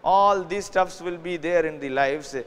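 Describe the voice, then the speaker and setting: A man's voice: fairly high pitch, a little slow, clean tone, long reverb tail. A male pastor preaching a sermon in an earnest way, with frequent fillers and loose grammar. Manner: earnest, many "you know" fillers, non-native grammar.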